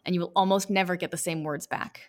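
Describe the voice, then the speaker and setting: A woman guest on an interview podcast who coaches people, talking in an animated way and acting out reactions. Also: lowish voice, quick pace. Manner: animated, lively, acts out reactions. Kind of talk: conversational interview.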